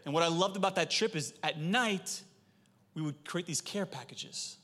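A high-voiced man in his thirties preaches to his church, telling stories with animated energy and asking the crowd to answer him. His voice rings out with a long echo through a big hall. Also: moderate pace. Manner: animated storytelling, calls for audience response. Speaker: pastor. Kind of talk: sermon.

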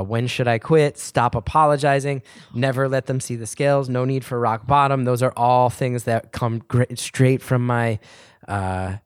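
A man's voice: medium pitch, darkish tone, no room sound. An earnest man, his voice cracking slightly, reads his own writing before an audience at a book event. Off the page he rambles and restarts, but the sound stays close and dry. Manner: earnest, rambling, with restarts when speaking off the cuff. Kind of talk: reading aloud from his book, then audience Q&A.

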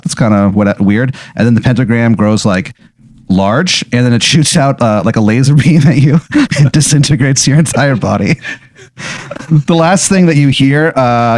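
A man's voice: mid-range voice, darkish tone, no room sound. A man narrating an improvised comedic game scene in a casual, profane, rambling way with many fillers. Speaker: game master.

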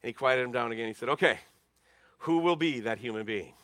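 A man preaching a sermon, telling stories dramatically and swinging from loud emphasis to hushed tones. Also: mid-range voice, lively intonation, brisk. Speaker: pastor.

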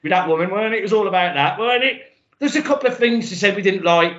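A man's voice: sits high, quick pace, fairly bright tone. A man from the co-hosting a casual chat, laughing often and ending lines with tag questions. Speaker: podcast co-host. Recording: dull lo-fi sound.

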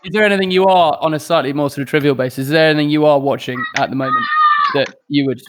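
A man's voice: on the high side, racing, very noisy. A man hosting a podcast, polite and effusive, often hesitating mid-sentence. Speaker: podcast host. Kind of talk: casual chat.

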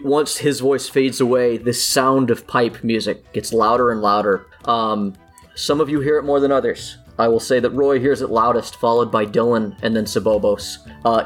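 A man in a middle register runs a tabletop game, describing rooms and events in an easygoing, chatty way. Soft music plays faintly under his voice. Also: medium pitch. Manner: laughs often, relaxed and chatty. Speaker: game master.

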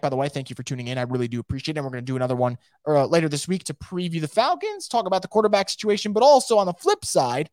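A man hosting a casual live sports podcast, reading out viewer comments and reacting in a fast, emphatic way, often repeating his words. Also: fairly high pitch, dry recording, clean studio sound.

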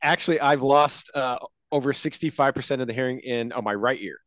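A male podcast guest in casual chat, animated, laughing and swearing as he retells scenes. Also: medium pitch, fairly quick, dry recording.

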